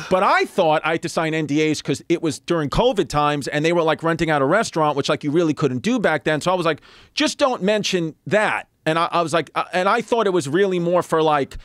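A man tells a story on a podcast as a comedian guest, lively and profane, bouncing between his own telling and the voices of the people in it. His voice sits a little high for a man. The sound is close and dry, with no room around it. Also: brisk, no room sound. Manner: animated, profane, acts out other people's quotes. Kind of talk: casual storytelling. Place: podcast studio.

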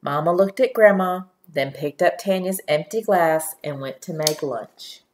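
A woman reading a children's storybook aloud in a gentle, steady storytelling manner. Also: lowish voice, unhurried, a little hiss or hum. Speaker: narrator.

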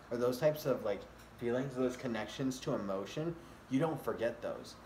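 A man's voice: on the low side, expressive, normal speed, a little mellow, slight background noise. Rambling young man in an echoey room. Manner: rambling, many fillers and restarts. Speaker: vlogger. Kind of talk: casual rambling vlog talk. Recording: echoey room with faint ambience.

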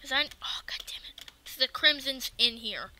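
A woman giving casual let's-play commentary, excitable and talking back to the game's enemies. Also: high voice, moderate pace, a little hiss or hum. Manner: excitable, swears and talks to the game enemies. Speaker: gaming video creator.

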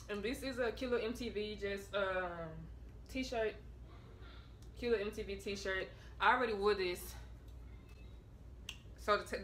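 A woman's voice: medium pitch, fairly bright tone, slight background noise. A woman vlogging a casual try-on haul from her bedroom, chatting in a slangy, offhand way to her viewers.

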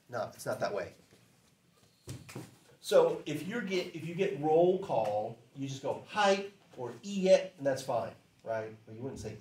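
A man teaching a class in a relaxed, chatty way, saying phrases slowly for students to repeat. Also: medium pitch, reverberant. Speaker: language teacher.

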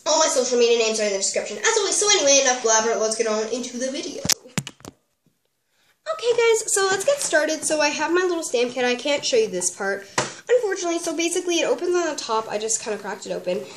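A woman's voice: high-pitched, very animated, fast talker. A young woman with a sniffly voice chats through a craft tutorial at her home desk, rambling with lots of fillers. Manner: bubbly, rambling with many "like" and "um". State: sniffly from a cold. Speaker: craft vlogger reviewing a kit. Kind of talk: casual chatty tutorial. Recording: echoey room, faint background noise.

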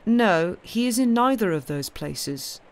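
A small, unremarkable priest speaks quietly and calmly, in a dull, even voice. A woman puts him on while reading a story aloud. He sounds settled and unhurried. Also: mid-range voice, voice pushed up. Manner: quiet, calm, colourless.

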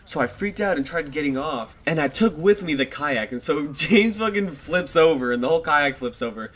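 A man's voice: on the high side, lively intonation, normal speed, fairly bright tone. Young guy rambling through a storytime vlog. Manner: rambling, swears a lot, laughs at himself. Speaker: vlogger. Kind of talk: casual storytelling. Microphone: desktop USB microphone.

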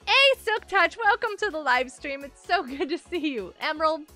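A woman with a high, bright voice talks to her live stream viewers at a moderate pace, animated and forceful, with faint music in the background. She's bubbly and giggly as she chats with them, even though she has a headache.

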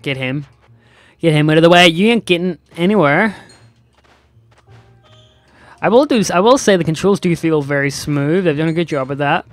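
A young man giving sarcastic, excitable let's-play commentary to his viewers. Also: fairly high pitch, moderate pace, long pauses, no room sound, soft background music. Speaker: gaming YouTuber.

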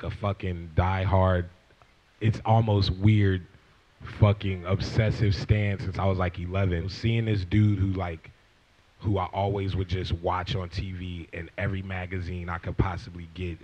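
A man as an interview guest, talking in a loose, profane way, full of fillers, dropping to a mumble and then rising into excitement. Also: deep voice, normal speed. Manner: loose and profane, many fillers, trails off quietly then gets loud and excited. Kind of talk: casual interview chat. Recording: muffled lo-fi audio.

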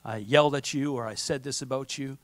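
Inside the sanctuary, a man preaches as pastor in a conversational way, repeatedly asking "okay?" and dramatizing what people say to themselves. He has a medium-pitched voice with fairly even intonation, speaks a little fast, and there's no echo.

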